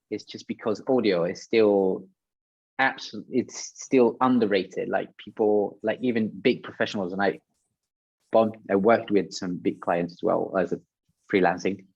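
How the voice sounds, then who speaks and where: Man, panel guest, casual and hesitant, low husky voice, lo-fi call audio. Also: darkish tone, dry recording. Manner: hesitant, many fillers and restarts. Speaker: guest sound designer.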